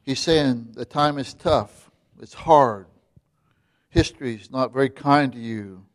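A man preaching a sermon, reading scripture slowly with rising emphasis and pausing often on fillers. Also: mid-range voice. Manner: frequent filler "uh" and restarts. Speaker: pastor.

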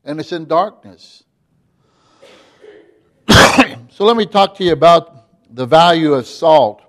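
A man delivers a sermon in a somewhat high voice. He preaches emphatically, sinking to quiet lines before rising loud again. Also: lively intonation, takes it slowly. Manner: emphatic, drops to quiet then rises loud.

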